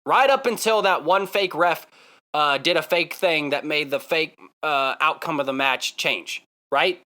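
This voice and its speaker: A man vlogging casually, telling a story in an excitable, emphatic way and repeating himself for effect. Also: fairly high pitch, a little slow.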